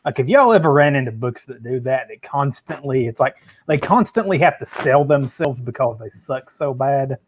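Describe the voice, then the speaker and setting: A man's voice: medium pitch, animated, moderate pace. A man with a Southern American accent in casual podcast chat, wry and emphatic.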